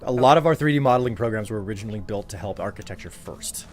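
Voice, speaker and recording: A man's voice: fairly low pitch, fast, soft background music. A man hosting a livestream, chatting casually while playing and often restarting his sentences. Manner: animated, stumbles into restarts. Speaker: streamer host. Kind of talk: casual chat while gaming.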